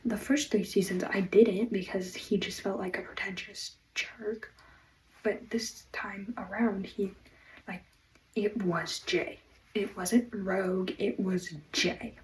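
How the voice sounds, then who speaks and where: A woman delivering an excited, rambling fan rant, full of fillers, on a personal mic. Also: medium pitch, slow pace, distant mic, slight background noise, rough recording. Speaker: fan vlogger.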